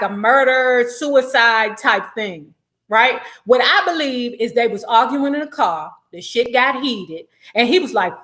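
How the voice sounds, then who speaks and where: A woman's voice: high voice, a bit bright. A woman vlogger, chatting animatedly and profanely while gossiping and reading comments on a livestream.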